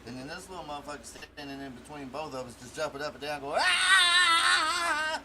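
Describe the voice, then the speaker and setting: A man chatting casually, telling animated, deadpan stories about his family. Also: medium pitch, fast talker, noisy background. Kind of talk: casual chat.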